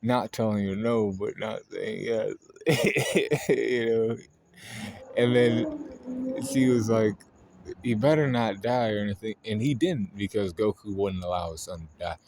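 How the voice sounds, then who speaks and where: A man's voice: fairly low pitch, lively intonation, takes it slowly, a little mellow. A man casually rambling through an anime ranking, full of fillers and swearing. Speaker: anime video host. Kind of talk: casual chat.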